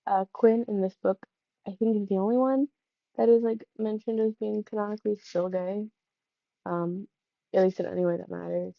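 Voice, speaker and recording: A woman blunt self-mocking vlog aside, gravelly, dry lo-fi sound. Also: mid-range voice, fairly even intonation, normal speed, dry recording. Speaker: book reviewer. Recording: dull, dry lo-fi recording.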